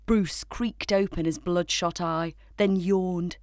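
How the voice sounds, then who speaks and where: A woman narrating a children's story in a gentle, measured way. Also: on the low side, steady tone, no echo, clean studio sound.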